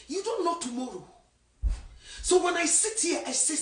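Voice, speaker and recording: A woman's voice: sits high, expressive, normal speed, distant mic. Fervent woman evangelist. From Ghana. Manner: fervent, swings from shouting to hushed. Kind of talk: impassioned sermon. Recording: echoey room, voice from afar.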